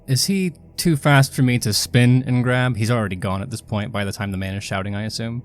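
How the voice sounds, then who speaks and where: A man's voice: medium pitch, a little fast, slight background noise. A man playing a tabletop roleplaying game, talking through his moves in a matter-of-fact way. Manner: matter-of-fact, thinking aloud. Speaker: player.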